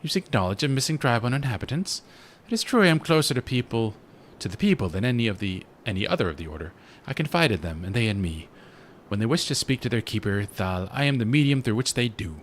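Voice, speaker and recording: A man reading a game's gentle devout church sister aloud, formal and solemn. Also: medium pitch, big pitch swings, fast talker, a little hiss or hum, natural voice.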